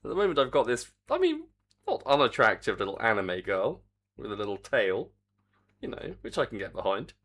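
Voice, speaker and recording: Grumbling gravelly middle-aged man. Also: mid-range voice, huge pitch swings, brisk, a bit bright. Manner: muttering, grumbling asides to himself. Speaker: game developer streaming his work. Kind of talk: casual live-stream commentary.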